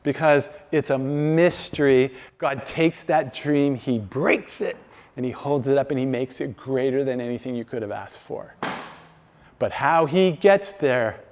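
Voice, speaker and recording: Male speaker, mid-pitched, conversational faith talk with acted-out quotes; long hall reverb. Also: takes it slowly. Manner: conversational storyteller, acts out quoted dialogue. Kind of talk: faith-based talk to a live audience.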